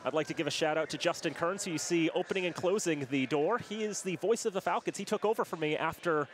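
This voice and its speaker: A man's voice: fairly high pitch, fast talker, slight background noise. A young man from New calling a college hockey game on local access TV, rattling off stats in a conversational style. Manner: stat-heavy, conversational, shouts on goals. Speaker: play-by-play commentator. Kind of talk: sports broadcast commentary.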